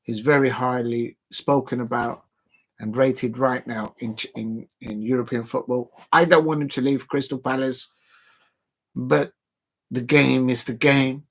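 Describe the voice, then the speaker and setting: A man hosting a football watch-along, speaking at a middling pitch for a man. He talks in a casual, opinionated way and addresses his viewers directly as he runs through his predictions. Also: steady tone, measured pace. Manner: chatty and opinionated, talking straight to viewers.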